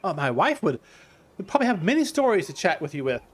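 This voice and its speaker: A man's voice: sits high, very animated, fast talker, breathy edge, full character voice. A man voicing a friendly, flustered male cheese trader with a frosty beard, stammering eagerly in a tabletop game.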